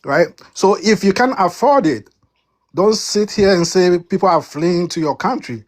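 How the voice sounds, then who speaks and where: A man's voice: expressive, moderate pace. A man from Africa arguing his point on a debate panel, emphatic and repeating words as he pushes on. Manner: emphatic, repeats words when cutting in, rising pitch on key points.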